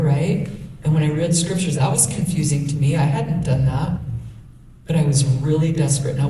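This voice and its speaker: A woman in her thirties speaks earnestly to a room of listeners, telling her own story with frank, quoted exchanges. Her voice is dark and mellow. It is picked up from a distance in an echoey school hall with faint background noise. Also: deep voice. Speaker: guest speaker. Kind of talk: personal testimony talk.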